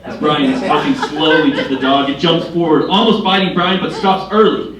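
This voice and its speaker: A man's voice: a little high, steady tone, normal speed, crowd noise. A man reading stage directions aloud with amusement in a staged reading of a play. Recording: echoey room, distant mic, audience.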